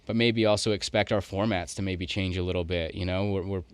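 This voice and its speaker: Male podcast co-host: very deep, resonant voice, loose run-on musing. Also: fairly even intonation, a little fast, clear, resonant tone, dry recording. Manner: loose, thinking aloud in long run-on sentences. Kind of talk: casual podcast chat.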